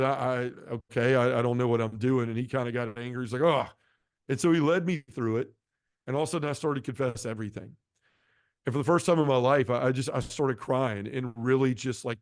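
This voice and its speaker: A mid-range male voice, recorded in clean studio sound with no room echo, belongs to a podcast guest sharing his personal testimony. He tells it earnestly and performs the dialogue as he goes.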